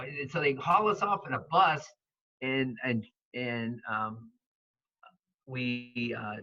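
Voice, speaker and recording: Bright-voiced man telling a story. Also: mid-range voice, husky. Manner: animated storyteller, many fillers and restarts. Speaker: wrestling coach. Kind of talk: storytelling interview. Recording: dull lo-fi sound, dry.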